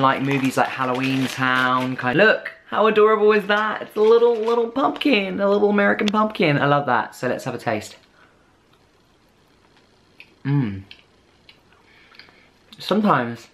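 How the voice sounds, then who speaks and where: British man, mid pitch, eager and chatty, casual snack-review vlogger. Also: a bit bright, slight background noise. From United Kingdom. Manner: chatty and enthusiastic. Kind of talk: casual food haul taste test.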